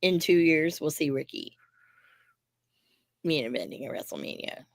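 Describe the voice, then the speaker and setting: A woman's voice: deep voice, brisk, creaky, dry recording. A woman co-hosting a wrestling podcast, talking bluntly and swearing freely in casual chat. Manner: blunt, profane, animated asides. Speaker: podcast co-host.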